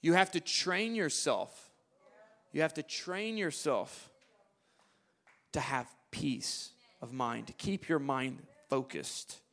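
A man preaching a sermon, moving between quiet, low asides and loud, emphatic declarations, often repeating and restarting his phrases. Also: takes it slowly, vocal fry.

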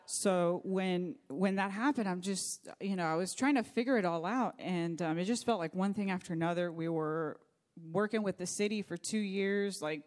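Earnest woman pastor, fairly low voice. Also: moderate pace, darkish tone. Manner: personal storytelling, earnest and faith-focused. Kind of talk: sermon.

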